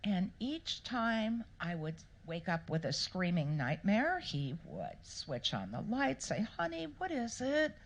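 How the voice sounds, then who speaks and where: A woman author with a husky, breathy voice spins anecdotes for a live audience. Her pitch swoops widely and playfully, and she takes her time over each phrase. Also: slow pace, few pauses. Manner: animated, playful storyteller who acts out quotes. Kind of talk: storytelling interview answers. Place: live Q&A event before an audience.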